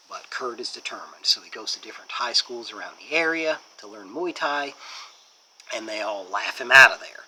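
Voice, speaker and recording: Man, low-pitched, sharp and forceful tone, casual rambling film review, lots of fillers. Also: expressive, moderate pace, a little hiss or hum, poor audio. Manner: rambling retelling with many fillers. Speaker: movie reviewer. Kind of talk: casual plot recap.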